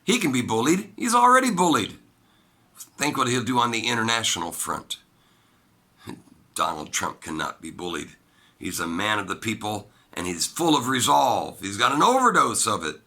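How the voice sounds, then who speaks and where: Solo commentator, male, forceful and bright, rough fry in the voice, swings from loud emphasis to hushed asides. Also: very animated, moderate pace. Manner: emphatic, swings between loud high bursts and low quiet asides. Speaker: political commentator. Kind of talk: solo opinion monologue.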